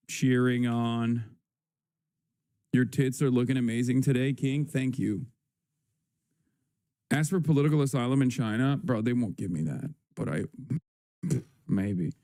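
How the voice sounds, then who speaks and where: A man hosting a livestream, chatting casually and sarcastically, reading headlines slowly between many fillers. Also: medium pitch, warm tone, clear, resonant tone, no echo. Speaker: livestream host.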